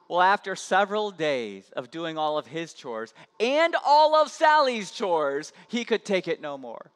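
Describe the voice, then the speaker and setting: A man preaching a sermon as a pastor, telling a story in an animated way. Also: sits high, measured pace, few pauses, clean tone. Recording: long church-hall reverb.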